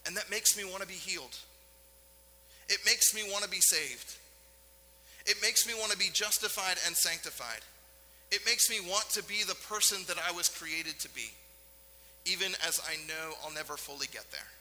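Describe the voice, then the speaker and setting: A male pastor preaching a sermon in a church, earnest and emphatic, with dramatic pauses. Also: high-pitched, sharp tone, in a large hall, low-quality recording. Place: church sanctuary.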